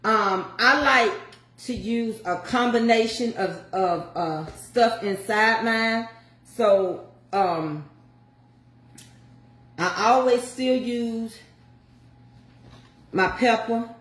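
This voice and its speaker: A woman's voice: fairly high pitch, extremely slow, long pauses, a bit bright. Chatty older woman cooking in an echoey kitchen. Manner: chatty, folksy, talks to viewers. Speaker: home cook showing a recipe. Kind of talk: casual cooking chat.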